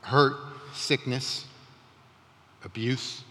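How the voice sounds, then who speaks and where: A man preaching a sermon in a conversational, animated way, with rising emphatic questions. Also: medium pitch, drawn-out words, big-room sound. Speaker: pastor.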